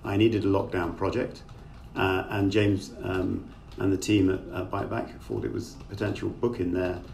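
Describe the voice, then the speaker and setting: A man's voice: low voice, steady tone, moderate pace, gravelly, darkish tone. A middle-aged man, an author, speaking as a guest in a conversational interview over a video call, thoughtful and rambling with many fillers. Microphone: remote call microphone. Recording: distant mic with faint noise.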